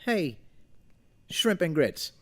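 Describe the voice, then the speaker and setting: A man's voice: sing-song, extremely slow, a bit bright. A man co-hosting a casual chat, telling rambling stories, swearing casually and acting out the lines of the people in them. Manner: rambling storyteller, acts out quoted lines with swings in pitch. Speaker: podcast co-host.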